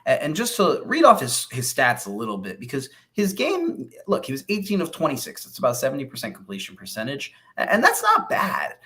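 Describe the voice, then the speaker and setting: A young man co-hosts a sports podcast in casual talk. His pitch swings in a lively way as he explains plays, often stammering at the start of a thought. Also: brisk, few pauses. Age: young adult. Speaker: podcast co-host.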